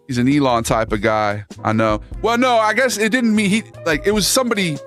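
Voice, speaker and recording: A man's voice: on the high side, sing-song, normal speed, a bit bright, soft background music. A man hosting a live stream, chatting casually with his chat in a laid-back, sarcastic, slangy way. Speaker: livestream host reading chat.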